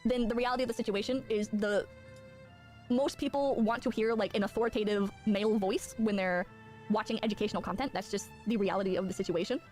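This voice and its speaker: A woman streamer giving casual advice, brisk and chatty, who often ends points with "right?". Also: mid-range voice, steady tone, a little mellow, soft background music. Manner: brisk, advisory, keeps tagging "right?". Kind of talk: casual chat.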